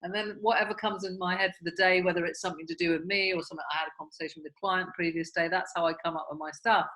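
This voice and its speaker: Low-voiced, chatty woman podcast host. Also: steady tone, rapid-fire, bright, forceful tone. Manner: encouraging, chatty, rambling. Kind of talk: casual video-call chat. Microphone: video call.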